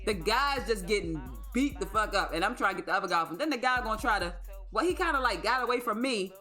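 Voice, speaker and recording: A woman's voice: medium pitch, expressive, fast talker, bright, forceful tone, faint music behind. A young adult woman livestreaming, telling a story in a casual, exclamatory, profane way. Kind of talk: casual storytelling to a live stream.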